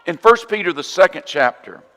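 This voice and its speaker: Southern preacher with a high voice. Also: male voice, expressive, brisk, in a large hall. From southern United States. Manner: earnest, emphatic preaching with sudden drops to a quiet voice. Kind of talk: sermon. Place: church auditorium.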